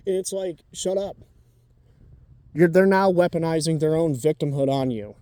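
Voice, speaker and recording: A man's voice: on the high side, steady tone, moderate pace, long pauses, mellow, dry recording, clean studio sound. Blunt, profane man in his twenties. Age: 20s. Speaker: vlogger giving dating advice. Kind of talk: casual ranting monologue.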